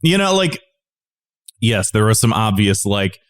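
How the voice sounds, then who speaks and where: A man's voice: on the low side, very animated, a little slow. A man co-hosting a podcast in casual chat, rambling into exasperated, profane rants. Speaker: podcast co-host.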